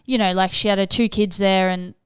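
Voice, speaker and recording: A woman's voice: mid-range voice, fairly even intonation, fairly quick, smooth. A woman who is a new parent, chatting casually and laughing at herself. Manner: laughing, self-mocking. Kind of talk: casual chat.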